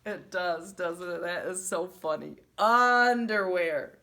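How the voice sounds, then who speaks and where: A woman teaching a virtual preschool lesson to young children, drawing out letter sounds in a slow, exaggerated way. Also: on the low side, steady tone, vocal fry.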